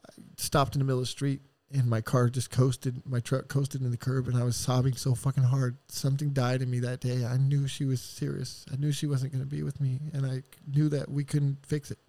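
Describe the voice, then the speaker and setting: A middle-aged man, a podcast guest, telling a painful personal story in a raw, profane and heartfelt way, with sighs and halting restarts. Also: mid-range voice, flat delivery, mellow.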